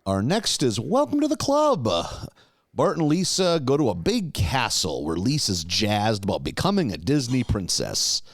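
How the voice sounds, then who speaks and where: A man's voice: medium pitch, huge pitch swings, normal speed, dry recording, clean studio sound. A man co-hosting a podcast, casually recapping episodes in a laid-back way, with lots of swearing. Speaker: podcast co-host.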